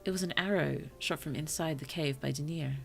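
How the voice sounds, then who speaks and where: A woman streamer reading short stories aloud to her chat, slow and careful, with apologetic asides between passages. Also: deep voice, vocal fry, faint music behind. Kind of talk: story reading on a livestream.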